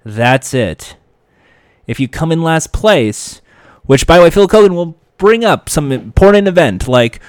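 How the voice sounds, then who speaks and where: A man giving casual, animated commentary, acting out quoted lines as he goes. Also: on the high side, unhurried, smooth, no room sound, clean studio sound. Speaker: reality TV commentator.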